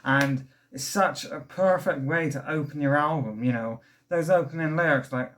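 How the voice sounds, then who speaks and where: A man's voice: a little high, moderate pace, few pauses, fairly bright tone. A young man casually reviewing a record, rambling and enthusiastic, a little out of breath. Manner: rambling and enthusiastic, many fillers and restarts. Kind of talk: casual album review vlog.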